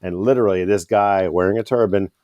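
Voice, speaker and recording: A man's voice: deep voice, steady tone, a little fast, warm tone, no room sound, highs cut off. A man co-hosting a band's podcast, telling rambling stories in casual chat and swearing freely. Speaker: band member and podcast co-host.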